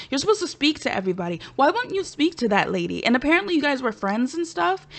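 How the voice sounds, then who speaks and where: Opinionated woman vlogger with a higher voice, talking sassily to camera. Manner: animated, sassy, talks straight to viewers. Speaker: vlogger reviewing a reality show. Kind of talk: casual opinionated chat to camera.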